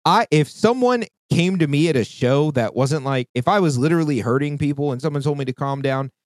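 A man's voice: on the high side, animated, fairly quick, no echo. A man in his thirties, hosting a podcast in casual chat and telling a story in a heated, profane rant. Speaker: podcast host.

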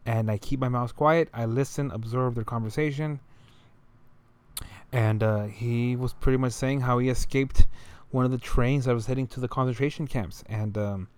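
A man's voice: mid-range voice, fairly even intonation, normal speed, a little mellow, smooth. A young man telling a story in a loose, rambling way, full of slang and fillers. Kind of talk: casual storytelling monologue.

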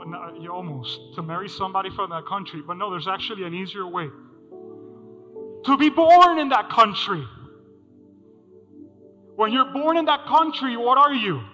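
A man preaching a sermon as pastor to a congregation, asking them questions and repeating his key lines. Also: high-pitched. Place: church hall. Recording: music under a hall reverb.

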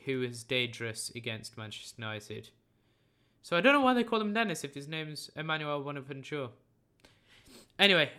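Bright, crisp-voiced football podcaster. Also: male voice, a little high. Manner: chatty, jokey, opinionated, reels off names and scores. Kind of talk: casual football results roundup.

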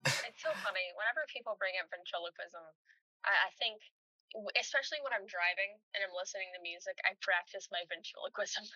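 A woman's voice: mid-range voice, bright, forceful tone, no room sound, highs cut off. A woman co-hosting a podcast in casual chat, playful and chatty. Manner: playful, chatty, quick asides.

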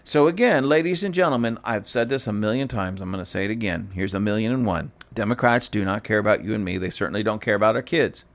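A man's voice: fairly low pitch, quick pace, hardly any pauses. A man hosting casual political commentary, speaking to his audience, mocking and keeps breaking into laughter.

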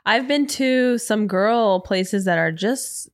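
A woman co-hosting a podcast, chatting candidly and giggling, quick to react with disbelief. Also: mid-range voice, animated, dry recording, clean studio sound. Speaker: podcast co-host. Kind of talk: casual chat.

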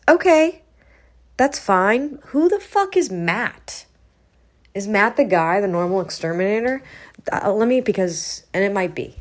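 A woman chatting casually to camera at home, rambling and swearing, swinging from hushed whispers to loud outbursts. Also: medium pitch, big pitch swings, a little slow. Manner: rambling, profane, drops to whispers then gets loud. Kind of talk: casual vlog chat.

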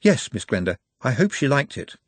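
A man reading an audiobook, voicing a young male orc smith who speaks quietly, politely and in a measured way. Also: medium pitch, very animated, dry recording. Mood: calm.

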